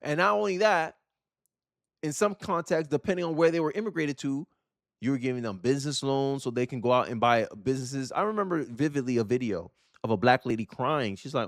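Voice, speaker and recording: A man's voice: mid-range voice, brisk, no echo. Emphatic man, dry close voice. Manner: emphatic, repeats words and says "right?" often. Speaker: political commentary host. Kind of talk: casual political commentary.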